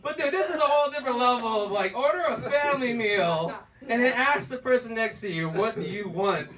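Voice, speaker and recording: A man's voice: very high-pitched, expressive, a little fast, distant mic, a crowd in the background. A man doing stand-up, rambling and profane, laughing at his own jokes. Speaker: stand-up comedian. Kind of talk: stand-up storytelling.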